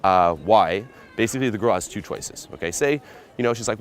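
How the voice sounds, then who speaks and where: Blunt, profane American dating coach. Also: male voice, fairly low pitch, expressive, a little fast. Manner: blunt, profane, keeps checking "okay?". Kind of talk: casual coaching vlog.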